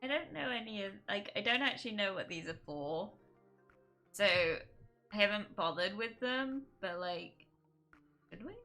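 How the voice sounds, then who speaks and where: A woman's voice: mid-range voice, animated, measured pace, long pauses, sharp tone. A young woman streaming a game live, chatting casually and often breaking into giddy laughter and exclamations. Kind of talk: live gameplay stream chat. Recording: faint music behind the voice.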